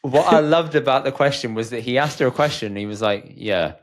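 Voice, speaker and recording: A man's voice: medium pitch, brisk. A man hosting a podcast, teasing his co-host in casual banter. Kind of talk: casual chat.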